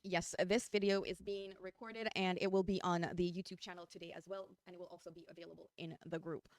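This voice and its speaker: This online design tutor, a woman with a New Jersey accent, speaks briskly at a fairly low pitch with little pitch movement. Her live screen-share lesson is chatty and upbeat as she narrates every click for viewers, and the sound is clean studio audio without echo.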